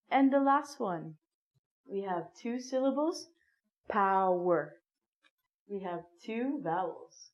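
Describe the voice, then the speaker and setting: A woman teaching an English phonics lesson, speaking slowly and clearly with playful dramatic gasps. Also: a little high, darkish tone. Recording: dull lo-fi sound.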